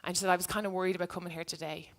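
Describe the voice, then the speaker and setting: A woman, a teacher telling a story in a talk to an audience, earnestly reenacting a conversation with softer, hushed quoted lines. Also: fairly low pitch, fairly even intonation, rapid-fire.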